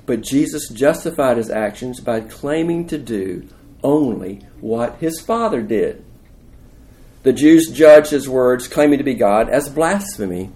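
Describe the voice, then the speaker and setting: A man's voice: medium pitch, expressive, unhurried, mellow. Man preaching a conversational sermon. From United States. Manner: conversational, emphatic, asks the listeners questions.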